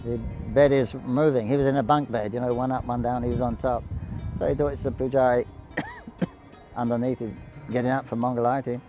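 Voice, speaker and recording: Dark-voiced man telling devotional stories. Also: mid-range voice, steady tone, soft background music, rough recording. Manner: anecdotal, halting, quotes people in the story. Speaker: devotee storyteller on a pilgrimage broadcast. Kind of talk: devotional storytelling talk.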